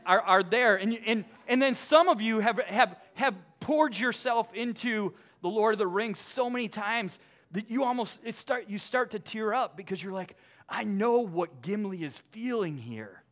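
A young man speaking to a live audience, polling them with quick questions, full of halting restarts, then reading a book passage aloud. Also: high voice, pushed and bright. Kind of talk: lively talk to a crowd, reading aloud.

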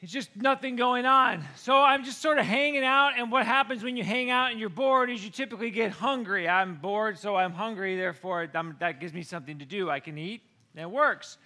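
A middle-aged man tells a homey story straight to camera in a high, bright voice. He is animated and jumps into the voices of the people in the tale. It stays casual and chatty throughout. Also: fairly quick. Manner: animated, acts out quoted voices with big swings. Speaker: vlogger.

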